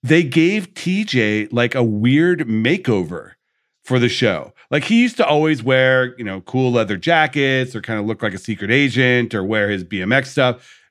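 Male podcast host, lively swooping pitch, casual chat, animated. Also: moderate pace. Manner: animated, rants with mock outrage and acted quotes.

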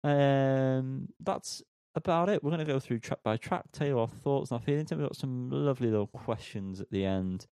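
A man's voice: mid-range voice, moderate pace, hardly any pauses, warm tone, clear, resonant tone, dry recording. Male podcast co-host, casual and rambling, self-deprecating, dry close recording. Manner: rambling, self-mocking, lots of ums.

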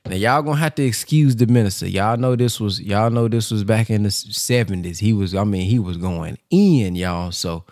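A man's voice: on the low side, moderate pace, hardly any pauses, darkish tone, no room sound, studio quality. A man hosting a live call-in stream, loose, chatty and often laughing. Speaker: host. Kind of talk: casual live-stream chat.

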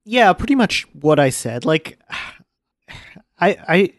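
Hesitant man with halting speech. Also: high voice, very animated, no room sound, clean studio sound. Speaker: podcast co-host. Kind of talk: casual chat about an anime.

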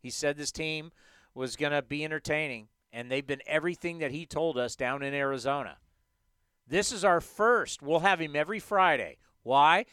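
Male sports radio host, emphatic rants, bright clear voice, dry studio sound. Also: fairly high pitch, moderate pace, no echo. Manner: animated, emphatic ranting.

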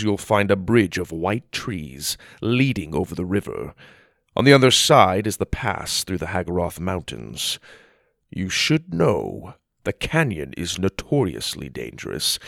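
A wise, measured storybook ambassador, voiced by a male narrator. His low voice is gravelly and rises and falls with lively inflection. The sound is close and dry. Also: dry recording, exaggerated voice. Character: calm, wise human ambassador to fairies.

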